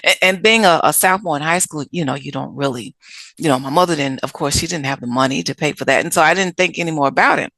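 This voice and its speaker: Interview guest: woman from Chicago, low gravelly voice, lively storyteller. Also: fast, no room sound. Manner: animated, acts out quoted people.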